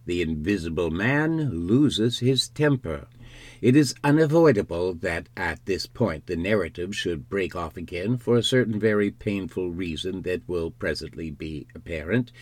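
A man narrating a classic novel in a measured, unhurried storytelling manner. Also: sits low, lively intonation, no echo. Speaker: audiobook narrator.

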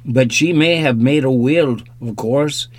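A man reading an audiobook, voicing a nervous, formal young man with a slight accent in higher, louder tones. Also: measured pace, close to an everyday voice. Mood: formal, earnest.

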